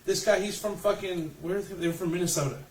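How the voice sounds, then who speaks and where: High-voiced man ranting in an echoey room. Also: quick pace. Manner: blunt, profane, argumentative. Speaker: podcast co-host. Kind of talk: casual ranting chat. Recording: roomy, distant mic, faint noise.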